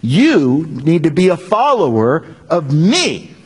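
A man voicing a calm, firm divine male speaker, speaking slowly, low and earnestly. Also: husky, exaggerated voice. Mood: solemn.

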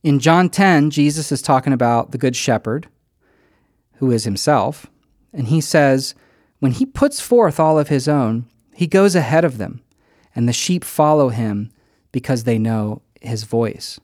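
A man preaching a sermon, telling a personal story with animated delivery and acting out quoted lines. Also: medium pitch, measured pace, dry recording, studio quality. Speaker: pastor.

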